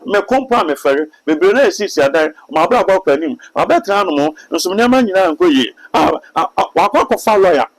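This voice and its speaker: A man's voice: sits high, lively intonation, fast talker, hardly any pauses, poor audio. A Ghanaian man, a pastor and prophet, speaks emphatically in a sermon-like way during an interview, with a Ghanaian accent. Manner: emphatic, sermon-like, mixing in English phrases. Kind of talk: preaching in an interview.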